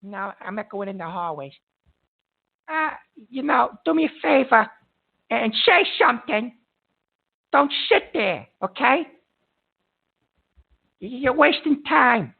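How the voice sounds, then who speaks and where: A man's voice: very high-pitched, sing-song, slow, vocal fry, long pauses, slightly rough. A man hosting a call-in show from a hospital room while in pain from a back injury, rambling and irritable, swearing and stumbling over fillers. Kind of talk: call-in radio talk. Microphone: phone line. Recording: tinny phone line.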